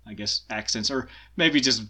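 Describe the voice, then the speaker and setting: A man's voice: mid-range voice, moderate pace, pushed and bright. A man with a Southern US accent, chatting as a guest in a casual interview, self-deprecating and laughing often.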